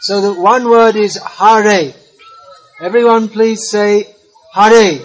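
A man's voice: high-pitched, fairly even intonation, slow pace, rough recording. A man giving a talk on spiritual philosophy and patiently leading listeners in a call-and-response chant. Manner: patient, inviting, repeats words for a crowd. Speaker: devotional teacher.

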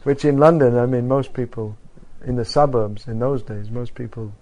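Mellow-voiced man reminiscing wryly. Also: mid-range voice, fairly even intonation, moderate pace, low-quality recording. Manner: reminiscing, wry, chuckling. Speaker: devotee recalling street distribution. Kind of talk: casual chat.

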